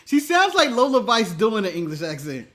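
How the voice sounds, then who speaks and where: High, lively, bright-voiced man. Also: moderate pace. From United States. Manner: blunt, laughs often while talking. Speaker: co-host. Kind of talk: casual wrestling review chat.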